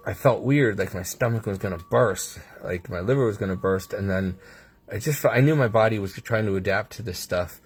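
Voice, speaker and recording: Halting, low-voiced man in a hospital room. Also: a little mellow, husky. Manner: rambling, halting, with restarts and nervous laughs. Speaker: patient sharing his health ordeal. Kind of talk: casual vlog monologue.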